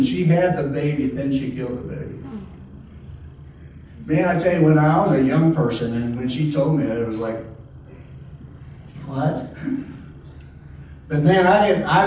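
A man preaching a folksy, rambling sermon, his slightly high voice carrying from a distance. The sound is very echoey, with faint noise behind. He restarts often and talks like he's chatting with the congregation. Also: a little mellow. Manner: conversational, repeats and restarts, folksy exclamations. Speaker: pastor.

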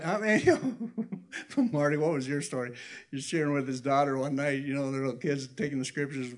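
A man's voice: medium pitch, fairly quick. A man preaching an informal sermon in a conversational way, restarting his sentences and acting out the people he quotes. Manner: conversational, acts out quotes loudly, self-correcting.

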